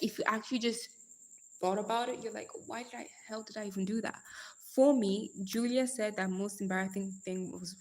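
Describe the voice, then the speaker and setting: Young woman, live-stream host, energetic casual chat, affectionate pet names. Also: mid-range voice. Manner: energetic, calls viewers darling and girl.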